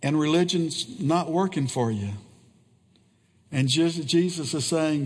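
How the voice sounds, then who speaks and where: A man preaching a sermon in a slow, earnest way, pausing often and repeating key phrases. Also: on the high side, darkish tone, husky, in a large hall.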